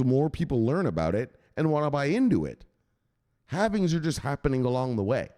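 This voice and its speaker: Animated, foul-mouthed male crypto host. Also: fairly quick. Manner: animated, swears freely, mocks imagined viewers in a high squeaky voice. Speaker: crypto news channel host. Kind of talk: casual explainer talking over a chart.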